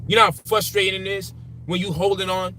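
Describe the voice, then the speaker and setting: A man's voice: high voice, level tone, fairly quick, pushed and bright. A man ranting in frustration, profane and emphatic, with faint background noise. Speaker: commentator. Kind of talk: frustrated personal rant.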